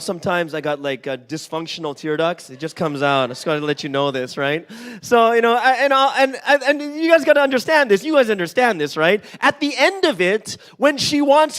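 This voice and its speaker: A man in his forties giving a sermon in a church, telling a personal story with lively acted-out dialogue and frequent "right?". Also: very high-pitched. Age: 40s. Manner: animated storytelling, acts out dialogue, often asks "right?". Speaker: pastor.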